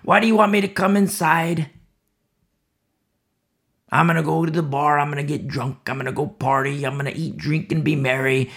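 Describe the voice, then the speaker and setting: A man's voice: a little high, steady tone, normal speed, gravelly, long pauses, fairly bright tone. A man voicing a carefree townsman who sneers and scoffs, flippant and dismissive. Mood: mocking.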